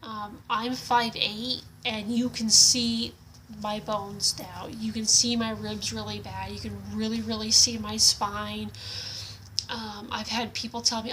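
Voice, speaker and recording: Young woman, frank home vlog, bright and slightly high voice, faint room hiss. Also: little pitch movement, slow, rough recording. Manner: frank, frustrated, many fillers and restarts. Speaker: vlogger. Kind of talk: casual testimonial vlog.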